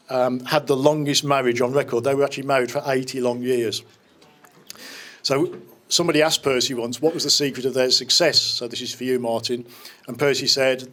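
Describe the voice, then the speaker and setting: Man, fifties, mid-range voice, speaking at a wedding reception; warm-hearted jokes and memories, casual restarts. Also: mid-range voice, slight background noise. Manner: fond, joking storytelling with small restarts. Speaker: wedding speaker standing in for the bride's father. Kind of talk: wedding speech.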